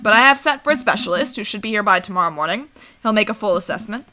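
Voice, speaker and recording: Woman putting on a creepy doctor, flat and measured, kinda bright tone, music in back. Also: medium pitch. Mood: calm. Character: creepy male doctor, calm and sinister. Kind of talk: game voice-over reading.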